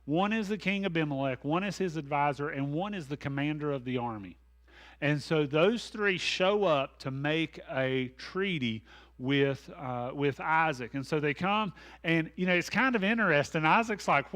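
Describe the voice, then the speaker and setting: A man's voice: a little high, normal speed, a bit bright. A man, a pastor leading a Bible study in a folksy, conversational way with asides. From American South. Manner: folksy, conversational, with asides and self-deprecating humor.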